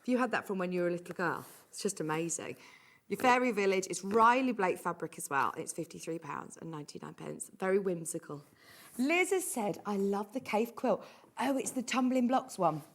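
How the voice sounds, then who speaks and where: Woman presenter, gushing, chatty, live sales chat, studio. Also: mid-range voice. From England. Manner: gushing, chatty, reads out viewer messages. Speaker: shopping channel presenter.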